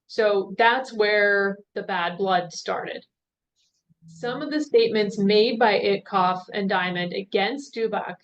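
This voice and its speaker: A woman on a webinar panel presenting a legal case in a conversational way, with chatty asides to the audience. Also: mid-range voice. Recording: dull webinar audio with faint hiss.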